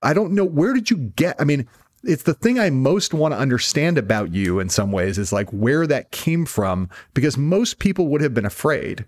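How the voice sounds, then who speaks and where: A man's voice: medium pitch, big pitch swings, normal speed. A male host interviewing a guest, admiring and emphatic, building his points with repetition. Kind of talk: conversational interview.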